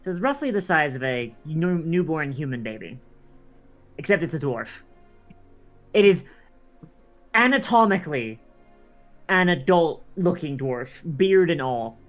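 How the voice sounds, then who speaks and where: A man's voice: a little high, sing-song, a little slow, long pauses, faint music behind. A man narrating as dungeon master, talking loosely with many fillers and restarts. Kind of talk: narrating a tabletop game.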